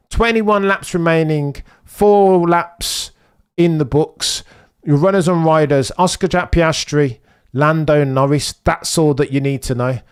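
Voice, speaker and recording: A man streaming a live race watch-along, commenting excitedly and pleading with the drivers, dropping to low mutters and jumping to high, urgent bursts. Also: unhurried, smooth.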